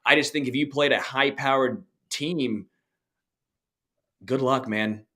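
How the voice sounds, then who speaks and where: A man co-hosting a casual sports podcast, blunt and opinionated, quick to dismiss teams he doesn't trust. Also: medium pitch, bright, forceful tone. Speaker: podcast co-host.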